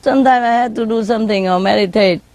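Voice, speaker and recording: A woman's voice: medium pitch, fast, a little mellow, dry recording, low-quality recording. A woman speaking as a spiritual teacher, telling informal stories to an audience in non-native English, laughing often and mimicking her birds' calls. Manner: non-native English grammar, frequent "you know". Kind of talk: informal anecdote told to an audience.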